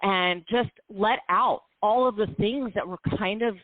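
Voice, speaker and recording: Her voice is medium in pitch, the audio dry and tinny like a phone call. As a podcast co-host, she tells a personal story with candid emotion, speeding up in bursts and slowing down in long, heartfelt stretches.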